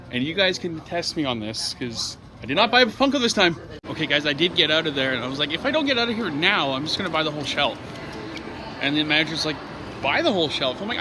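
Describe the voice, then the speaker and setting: A young man vlogging casually while out and about, joking and rambling in a chatty way. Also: on the high side. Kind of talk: casual vlog chat.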